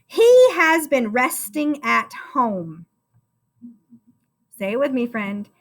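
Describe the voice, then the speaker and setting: A woman teaching a recorded first-grade phonics lesson, speaking slowly and encouragingly and calling the viewer friend. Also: on the high side, a bit bright.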